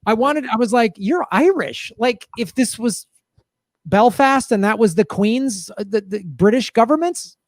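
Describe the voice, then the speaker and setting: A man chatting casually on a podcast, telling a story in an animated way and acting out what others said. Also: high-pitched, a little slow, no room sound, studio quality.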